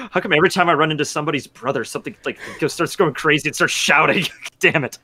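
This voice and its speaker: A man's voice: a little high, fast talker, bright, forceful tone, slightly rough, dry recording. A man playing a tabletop game, joking and laughing. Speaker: player. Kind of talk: casual game chat.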